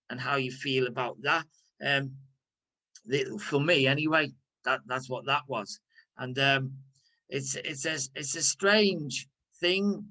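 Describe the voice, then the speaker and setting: A man's voice: on the high side, pushed and bright, low-quality recording. A man with a Liverpool accent, leading a recovery workshop in a candid, conversational way with frequent restarts. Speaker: workshop leader.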